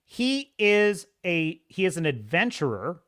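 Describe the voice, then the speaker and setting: A man hosting a live stream, ranting through animated, profane commentary. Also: high voice, a little slow, smooth. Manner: animated, swearing, exclaiming. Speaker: host of a live show.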